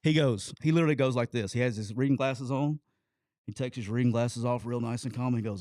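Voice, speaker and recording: A man spins a long yarn at an even, middling pitch. His delivery is animated and loose, and he swears casually. The sound is dry and close, as if in a small studio. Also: brisk, no echo. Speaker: co-host telling a coaching story. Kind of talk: casual storytelling chat.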